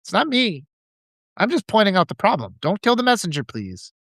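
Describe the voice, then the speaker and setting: A man's voice: sits high, huge pitch swings, brisk, a bit bright, no room sound. A man giving an impassioned political monologue, ranting and mimicking opponents in mocking voices. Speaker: political commentator.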